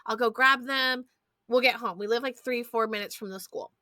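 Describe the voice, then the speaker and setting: A woman, hosting a podcast and telling stories in a lively, foul-mouthed, chatty way. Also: a little high, normal speed, no room sound. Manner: animated storyteller, swears freely, addresses listeners as y'all. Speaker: podcast host. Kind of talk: casual chat.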